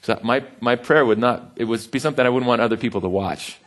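A man preaching a sermon in a relaxed, conversational way, with humor and quick acted-out voices. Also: mid-range voice. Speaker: pastor.

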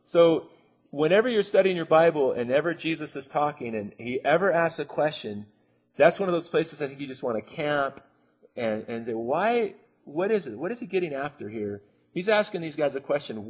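A man's voice: a little high, animated, moderate pace, breathy edge. A man preaching a conversational sermon, acting out the quoted voices and laughing now and then.

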